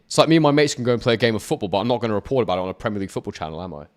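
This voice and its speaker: A man's voice: fairly low pitch, animated, darkish tone. Man doing chatty fight commentary. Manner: chatty, answers viewer chat, quick play-by-play. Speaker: boxing YouTuber commentating a fight. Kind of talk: live watch-along commentary.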